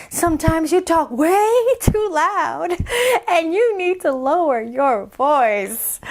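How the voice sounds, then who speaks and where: A woman voicing a patient, kindly schoolteacher in a storybook, explaining calmly and gently. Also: sits high, full character voice.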